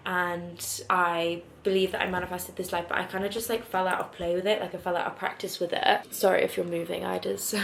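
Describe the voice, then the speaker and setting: A woman's voice: lowish voice, vocal fry. A young woman, chatting casually to camera at home in a rambling way, saying "like" a lot. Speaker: lifestyle vlogger. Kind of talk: casual vlog chat to camera. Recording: echoey room with background noise.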